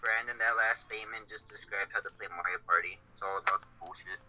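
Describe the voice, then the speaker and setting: A man's voice: fairly low pitch, fairly even intonation, fast talker, pushed and bright, low-quality recording. A man chatting casually about games with friends, rambling with many fillers, faint noise behind him. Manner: rambling, lots of "like". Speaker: friend on voice chat. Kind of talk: casual gaming chat.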